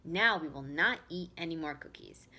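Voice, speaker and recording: Sensible male storybook frog read by a woman, patient and matter-of-fact, bright, animated voice. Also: low voice, moderate pace, heavily acted.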